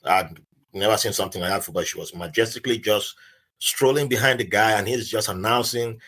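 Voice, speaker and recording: Bright-voiced Nigerian man telling a story. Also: lowish voice, brisk. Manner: animated, acts out the voices of people in his stories. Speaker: podcast guest. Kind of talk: storytelling in casual podcast chat.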